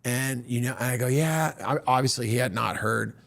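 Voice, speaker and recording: A man in his fifties, a comedian hosting his own show, telling stories in an animated monologue and acting out the voices of people in them. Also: mid-range voice, a little fast, gravelly. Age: 50s. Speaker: comedian host. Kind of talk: storytelling monologue.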